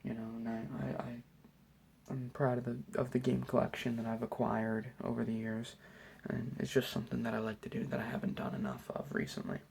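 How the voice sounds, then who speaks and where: A young man giving a soft, hesitant, whispered ASMR Q&A at home late at night, rambling with lots of fillers. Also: mid-range voice, little pitch movement, a little fast, gravelly, a little hiss or hum. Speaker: YouTuber answering questions.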